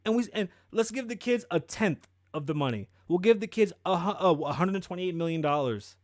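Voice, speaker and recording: A man's voice: high voice, expressive, brisk, a little mellow, no echo, clean studio sound. A man hosting his own show, ranting in a profane, rambling way and correcting himself as he goes. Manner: profane, rambling, heated rant with self-corrections. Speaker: show host.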